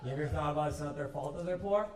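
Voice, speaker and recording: A man doing stand-up crowd work, quick and mocking, laughing at his own jokes on a club stage. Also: fairly high pitch, reverberant.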